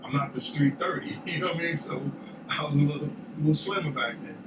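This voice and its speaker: A man's voice: fairly high pitch, fast. Man telling a story from far off. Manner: profane, repeats "you know what I'm saying". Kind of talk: casual storytelling. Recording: echoey, distant, noisy.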